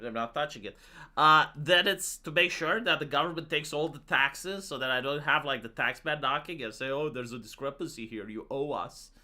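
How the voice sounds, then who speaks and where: Woman streamer, low voice, lively swings in pitch, bright tone, casual rambling chat. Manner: rambling, lots of "like" fillers, jokey. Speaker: streamer host.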